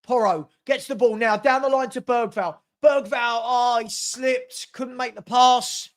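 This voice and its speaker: A man giving partisan live commentary on a football match for a stream, getting loud and excited at big moments. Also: very high-pitched, measured pace. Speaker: fan watch-along commentator. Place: home room with a dog.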